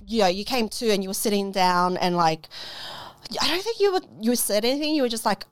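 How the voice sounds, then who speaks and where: A woman hosting a podcast, telling a story in casual chat, lively and swearing, acting out quotes with big jumps in her voice. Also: mid-range voice, brisk, clear, resonant tone, no room sound. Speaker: podcast host.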